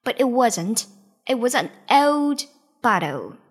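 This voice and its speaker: A woman reading a children's storybook aloud, in a slow, lively, expressive way. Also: on the high side, husky. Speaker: storybook reader.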